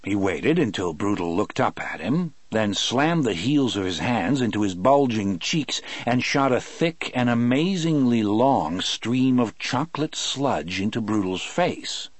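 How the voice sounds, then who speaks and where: A man reading an audiobook aloud in a measured, wry storytelling manner. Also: lowish voice, sing-song, no echo. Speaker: narrator. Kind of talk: audiobook narration.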